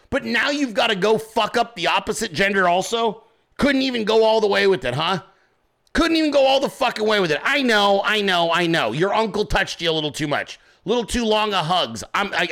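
A man's voice: high-pitched, sharp tone. A man delivering a crude, heated, sarcastic ranting monologue as a commentator. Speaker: political commentator.

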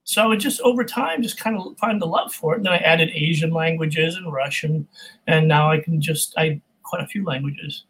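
Husky high-voiced man, jokey. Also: normal speed, poor audio. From California. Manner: animated, jokey, slips into voices. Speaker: voice actor guest. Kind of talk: casual interview chat.

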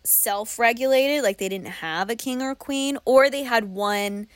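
A young woman co-hosting a podcast, chatting casually about a book. Her voice sits a little high and sounds dry and close to the mic. She is animated and laughs easily, acting out the characters' reactions. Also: measured pace, no room sound. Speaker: podcast co-host.

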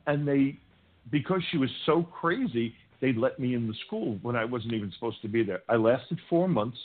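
An older man talks as a podcast guest, his voice squeezed into a narrow, phone-like band. He tells stories loosely, restarting sentences and jumping into other people's voices when he quotes them. His pitch sits in the middle for a man. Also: moderate pace. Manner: animated storyteller, acts out quotes with shouting, stammering restarts. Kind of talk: casual interview storytelling. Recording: tinny phone-like line.

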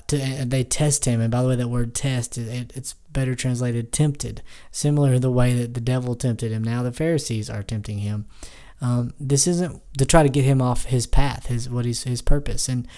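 A man with a mellow, warm tone leads a casual Bible devotional. He reads scripture aloud and then talks it through in an easygoing way, full of "um"s and restarts. His pitch sits in an ordinary middle range. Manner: relaxed with frequent fillers and restarts. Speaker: Bible teacher.

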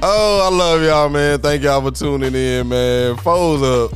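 A man's voice: fairly high pitch, a little slow, music in the background. Teasing podcast co-host man. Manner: joking, teasing, profane. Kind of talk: casual podcast banter.

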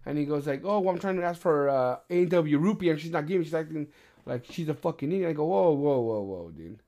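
A middle-aged man hosting a podcast, telling stories in casual chat, swearing often and getting animated. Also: a little high, quick pace. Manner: profane, animated storyteller. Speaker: podcast host.

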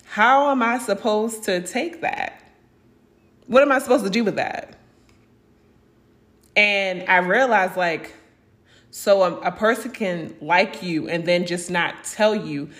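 A woman's voice: mid-range voice, a bit bright. A young adult woman hosting a podcast, talking frankly and with feeling about her own life, swearing freely and acting out what other people said to her. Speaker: podcast host. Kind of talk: candid spiritual podcast monologue.

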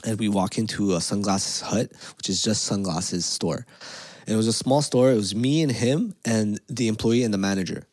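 A man, co-hosting a podcast and telling animated, profane stories in casual chat. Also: lowish voice, normal speed, dry recording. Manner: animated, swears a lot, acts out quotes. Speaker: podcast co-host.

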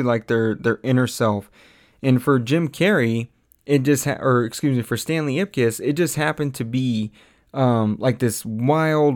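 A young man with a mid-range voice chats casually with his audience. He rambles with many fillers, laughs frequently and delivers quoted lines in an animated way.

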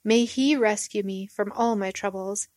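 A woman's voice: medium pitch, unhurried, darkish tone, no room sound, lightly acted. A woman reading aloud the lines of a young male warrior-king, giving them raised emphasis. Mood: solemn.

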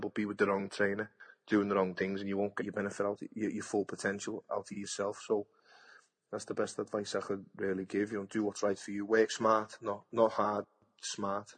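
Chatty husky man. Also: fairly low pitch. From England. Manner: blunt, chatty, repeats words. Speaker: boxer and TV pundit. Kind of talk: casual interview.

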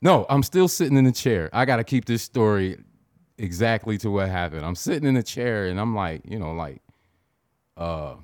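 A man's voice: on the low side, lively intonation, normal speed, no room sound, clean studio sound. A married man telling a rambling, profane story in casual chat, acting out his own reactions as he goes. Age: adult, married.

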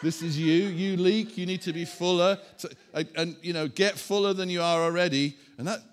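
Pastor doing a sermon with props, chatty asides, pokes fun at himself. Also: male voice, sits high, fairly quick. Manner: animated, self-mocking, chatty asides to the congregation. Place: church hall.

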